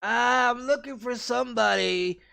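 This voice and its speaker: A man's voice: very high-pitched, measured pace, gravelly, pushed and bright, clear, resonant tone, dry recording, studio quality, voice pushed up, heavily acted. A man putting on a drunk man who bangs on doors at night, sheepish and mumbling.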